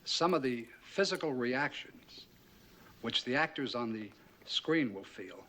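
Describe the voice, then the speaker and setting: An actor playing a solemn film director who gravely warns the audience in a 1950s film prologue, measured and theatrical. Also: male voice, medium pitch, animated, pushed and bright. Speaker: film director giving an on-screen warning.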